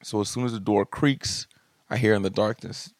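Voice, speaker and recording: A young adult man hosting a podcast, telling comic stories about his kids in an animated, jokey way and swearing casually. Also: lowish voice, moderate pace, dry recording, clean studio sound. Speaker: podcast host. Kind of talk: comedic storytelling monologue. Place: home studio room.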